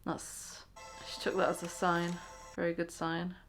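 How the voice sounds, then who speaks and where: A woman's voice: on the low side, completely flat delivery, measured pace, faint music behind. A woman hosting a reaction video, exclaiming, gasping and laughing as she comments casually.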